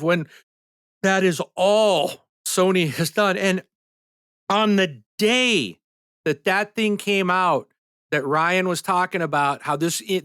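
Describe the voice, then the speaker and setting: A man's voice: sits high, a bit bright, clear, resonant tone, dry recording, studio quality. A man co-hosting a gaming podcast, ranting in a heated, indignant way during a casual chat. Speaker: podcast co-host.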